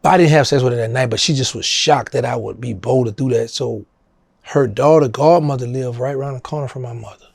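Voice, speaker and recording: A middle-aged man with a New Orleans accent, telling a story as an interview guest and acting out quotes in a higher voice. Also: brisk, vocal fry, a little mellow, slightly rough, no echo, clean studio sound. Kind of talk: casual storytelling.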